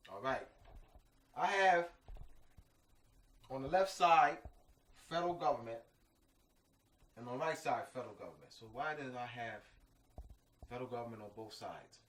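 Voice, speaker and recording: A man's voice: medium pitch, animated, moderate pace, pauses often, a bit bright. A man giving an informal lecture, emphatic and repetitive, full of slang asides like "man" and "you know what I mean". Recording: echoey room, mic at a distance.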